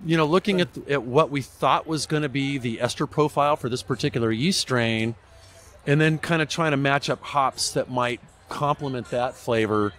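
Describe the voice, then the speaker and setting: A man's voice: medium pitch, normal speed, a bit bright. A man, a brewmaster guest, talking casually and easily in a brewery tasting room. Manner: easygoing, talks through with fillers. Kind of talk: casual chat.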